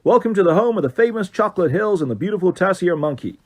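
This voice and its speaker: A man voicing a loud, cheerful male tour guide with an American accent in a storybook reading. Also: sits high, animated, fast talker, voice pushed up. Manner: loud, showy and upbeat.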